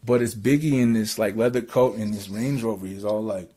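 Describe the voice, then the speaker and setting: A man from Canada telling a story in casual chat, excitable and rambling with lots of fillers. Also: fairly low pitch, a little fast, slightly rough.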